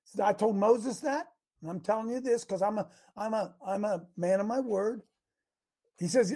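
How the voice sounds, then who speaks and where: A man preaching an interactive sermon, animated and quizzing his listeners, bursting into shouts to drive a point home. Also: sits high, normal speed. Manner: banters with and quizzes the congregation.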